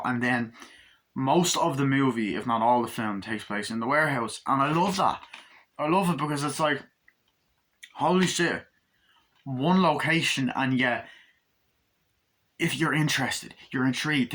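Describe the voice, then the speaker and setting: Casual male film reviewer, bright voice, excitable, swears freely. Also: mid-range voice. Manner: excited, profane, acts out scenes. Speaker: movie reviewer.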